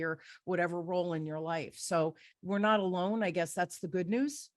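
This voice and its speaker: Lower-pitched woman host, dry sound. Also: moderate pace, hardly any pauses, no room sound. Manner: candid, energetic storyteller. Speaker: podcast host. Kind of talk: interview, storytelling.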